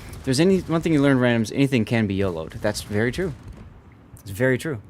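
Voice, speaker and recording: A man's voice: mid-range voice, lively intonation, fast talker, a little mellow, a little hiss or hum. A man hosts a casual game stream, and his voice moves all over the place as he answers chat and calls out the action. Faint gunfire and artillery from the game sit behind him. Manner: chatty, answers chat messages between game callouts. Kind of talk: casual live-stream chat while gaming.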